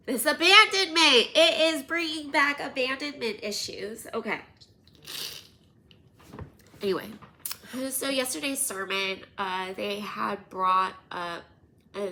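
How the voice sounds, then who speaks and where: A woman in her thirties hosting a podcast, telling personal stories in an animated, casual way, sometimes dropping to near-whispers. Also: on the high side, slight background noise. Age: 30s. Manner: animated, drops to near-whispers and laughs often. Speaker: podcast host.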